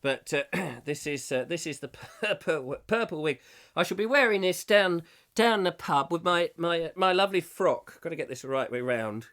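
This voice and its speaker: A middle-aged man hosts a live comic chat show, rambling cheerfully through viewer comments. His voice is bright and ringing, pitched a little higher than most men's, and it keeps swooping into silly put-on voices. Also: lively intonation, normal speed.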